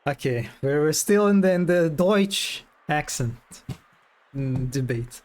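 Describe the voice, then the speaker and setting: A man's voice: a little high, unhurried. A man casually commenting while playing a game on a live stream, chatty with giggly asides.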